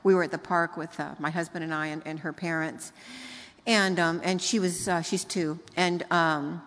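An older woman, a grandmother, giving a sermon full of family stories, rising to emphatic high notes. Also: fairly even intonation, normal speed, fairly bright tone. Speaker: speaker. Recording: long hall reverb.

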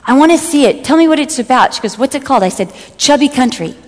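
Racing along in a high, expressive voice, a middle-aged woman preaches a sermon in a talk to women, sharing personal stories and comically impersonating friends. The recording carries background noise and long hall reverb.

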